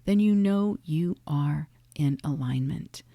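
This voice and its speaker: Woman coach, low gravelly voice, dry close sound, calm half-whispered teaching. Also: slow pace, dry recording. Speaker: life coach. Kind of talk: soft-spoken teaching monologue.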